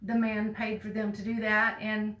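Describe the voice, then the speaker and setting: A woman, telling a personal story to the camera in a folksy, earnest way with bursts of loud emphasis. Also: mid-range voice, level tone, normal speed, echoey room, low-quality recording. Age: 50s. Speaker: vlogger.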